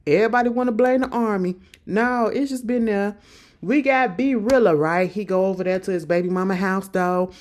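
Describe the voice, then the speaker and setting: Animated woman recapping a TV show in slang. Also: mid-range voice, a little fast. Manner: animated, slangy storytelling that acts out the characters' lines. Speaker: TV episode recapper. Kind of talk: casual recap of a TV episode.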